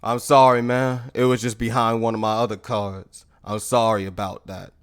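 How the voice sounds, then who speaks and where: A man voicing a sheepish young man who quietly apologizes after being accused of stealing. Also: mid-range voice, little pitch movement, moderate pace, clear, resonant tone, pitched below the performer's own voice, close to an everyday voice.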